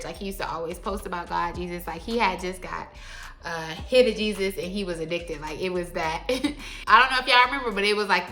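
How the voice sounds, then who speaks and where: A young adult woman telling a story to her viewers in a casual, animated, slangy way. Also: mid-range voice. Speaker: vlogger.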